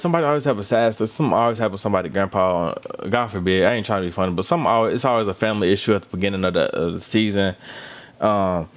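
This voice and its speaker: Chatty lowish-voiced man recapping reality TV. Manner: chatty, animated, talks straight to viewers. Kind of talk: casual commentary. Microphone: phone or camera held close.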